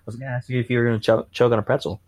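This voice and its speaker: A man's voice: medium pitch, level tone, racing, crowd noise. A man co-hosting a podcast in casual chat, laid-back and teasing. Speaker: podcast co-host.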